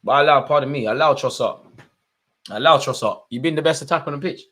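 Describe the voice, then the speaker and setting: A young man giving excitable live commentary on a football match, shouting at players and the referee. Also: medium pitch, rapid-fire. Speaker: football fan channel host.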